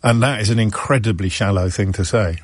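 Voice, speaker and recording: A man's voice: on the low side, a little fast, no room sound. A man hosting a radio phone-in from England, musing wryly and restarting his sentences as he talks. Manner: wry, discursive, repeats words when restarting. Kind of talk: talk radio monologue. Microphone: studio microphone.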